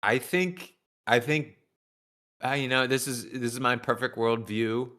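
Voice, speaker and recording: A man's voice: medium pitch, a little slow, bright, forceful tone. A man co-hosting a casual talk show, wry and self-deprecating. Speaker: co-host. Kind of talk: casual podcast chat.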